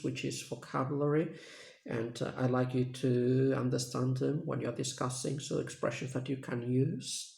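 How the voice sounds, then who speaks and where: Gravelly man recapping an English lesson. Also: mid-range voice, darkish tone. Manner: plain, patient classroom explaining. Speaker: English teacher. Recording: echoey room.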